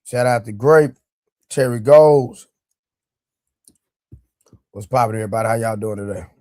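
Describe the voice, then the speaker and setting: A man's voice: medium pitch, normal speed, darkish tone, no room sound, clean studio sound. A man hosting a casual live stream, joking loosely and greeting his viewers by name. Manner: loose, joking, talks straight to his chat. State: sore leg, eating during the stream. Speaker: livestream show host.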